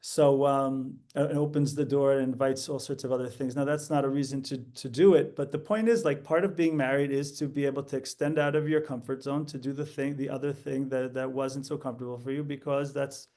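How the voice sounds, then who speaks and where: A man talking in a casual conversation as a podcast guest, halting and restarting as he searches for words. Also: medium pitch, fairly even intonation, mellow. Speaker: podcast guest, host's husband.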